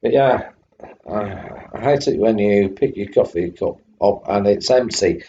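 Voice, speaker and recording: Retro computer games are on this man's live stream as he chats with viewers, names them in greeting and battles a coughing fit. He speaks in an unhurried, low, dark voice. The stream sound is dull and lo-fi, carrying a faint hum.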